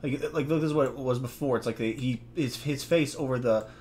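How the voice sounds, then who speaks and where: A man's voice: medium pitch, fairly quick, a little mellow, slight background noise. Man reacting with laughs. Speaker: stream co-host. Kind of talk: casual chat.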